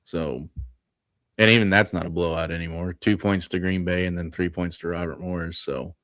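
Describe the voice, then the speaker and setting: A man co-hosting a casual sports talk show, rattling off scores and records in a relaxed, chatty way. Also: low voice, dry recording. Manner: runs through stats in quick lists, laughs often. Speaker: podcast co-host.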